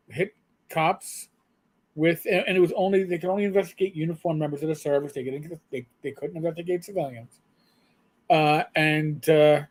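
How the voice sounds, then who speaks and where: A man's voice: on the high side, darkish tone. Blunt rambling ex-cop man. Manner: rambling, frequent fillers and restarts, blunt profanity. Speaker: retired police sergeant, guest. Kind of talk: casual storytelling chat.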